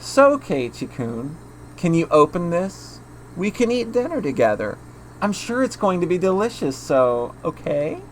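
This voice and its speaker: A man's voice: high-pitched, big pitch swings, a little slow, slight background noise, low-quality recording. A man reading a visual novel aloud, voicing an eerie teenage girl who coaxes sweetly and then pleads with repeated apologies. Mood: eerie coaxing.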